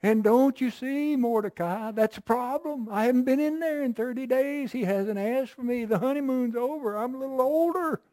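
A man's voice: extremely high pitch, moderate pace, hardly any pauses, dark tone, no echo, pitched above the performer's own voice. A man voicing a worried adult queen who pleads and reasons aloud. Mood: fretful.

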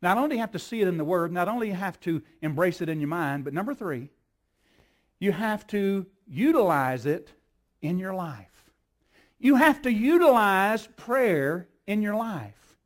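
An older male preacher with a high voice, delivering a sermon. He repeats phrases in a building rhythm and swings from quiet asides up to shouted questions at the congregation. His delivery stays emphatic and driving. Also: expressive, moderate pace. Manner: emphatic, repetitive preaching cadence. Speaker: pastor.

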